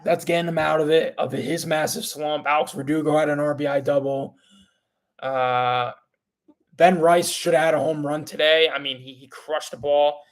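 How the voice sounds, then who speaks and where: Brief: young male podcast host, somewhat high voice, frustrated fan rant, stammering and repetitive. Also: a bit bright.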